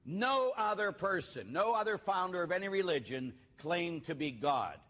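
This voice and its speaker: A male preacher delivering a sermon in an animated, husky voice, pressing each point with insistent repetition. His voice rings through an echoey hall. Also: high-pitched, normal speed. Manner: emphatic, repeats points for stress.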